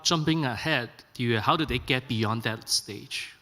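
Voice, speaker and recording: A man's voice: mid-range voice, a little slow, bright, forceful tone, long reverb tail. A man in the audience asking a hesitant question during a lecture.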